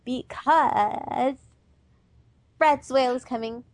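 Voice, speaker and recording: Bubbly excitable woman co-host. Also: medium pitch, a little fast, dry recording. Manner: bubbly, excitable, chatty with many fillers. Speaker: podcast co-host. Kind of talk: casual chat.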